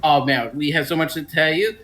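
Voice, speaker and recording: A player voicing a short, excitable male adventurer who bursts into high, laughing exclamations. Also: fairly quick, faint music behind, lightly acted. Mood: overjoyed.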